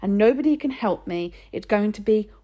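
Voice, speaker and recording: A woman's voice: medium pitch, animated, normal speed, lo-fi sound, pitched above the performer's own voice, lightly acted. A woman voicing a scared, anxious younger boy who pleads as if close to tears in a storybook reading.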